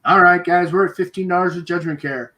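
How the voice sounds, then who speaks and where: Auctioneer type: fairly high-voiced man, brisk repetitive bid-calling, easygoing chuckles. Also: fairly even intonation, sharp tone. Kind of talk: live online auction patter.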